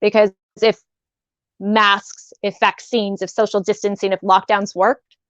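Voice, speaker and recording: A woman telling a painful personal story as a talk-show guest. She speaks haltingly, with many restarts and an emotional edge. The sound is dry and slightly muffled. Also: mid-range voice, flat delivery, no room sound.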